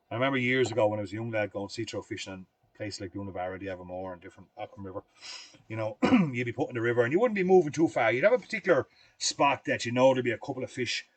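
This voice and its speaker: A man's voice: mid-range voice, no echo. A middle-aged Irish man demonstrating fly tying on a livestream, chatting in a rambling, folksy way between steps.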